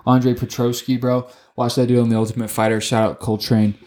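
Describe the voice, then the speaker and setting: A man co-hosting a casual sports podcast, talking excitably, swearing often and tripping over his words. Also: mid-range voice, a little fast. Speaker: podcast co-host.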